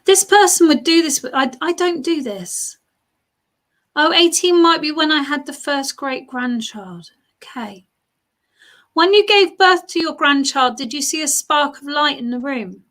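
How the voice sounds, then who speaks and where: A woman's voice: high-pitched, expressive, unhurried, a bit bright. A British woman giving a chatty live-streamed mediumship reading, reading out viewer comments and talking straight to them. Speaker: spiritualist medium.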